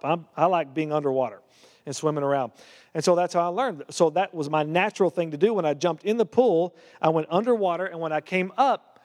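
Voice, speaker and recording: A man's voice: high voice, darkish tone. A man pastor telling a personal story in a sermon, then preaching with growing fervor. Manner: storytelling, rising to fervent preaching. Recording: long hall reverb.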